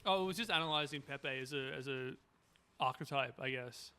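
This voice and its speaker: A man's voice: medium pitch, brisk, bright, forceful tone, clear, resonant tone. A man as a podcast guest, chatting casually with rambling asides.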